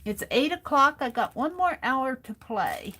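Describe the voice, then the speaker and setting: A woman's voice: high-pitched, big pitch swings, unhurried, sharp tone, husky. A woman hosting a casual crafting livestream, talking herself through each step as she works and reading viewers' comments aloud.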